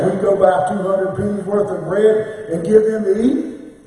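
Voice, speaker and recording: Pastor, male, mellow and high-pitched, preaching with chanted cadences; distant mic, long church reverb. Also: normal speed. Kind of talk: sermon. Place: church sanctuary.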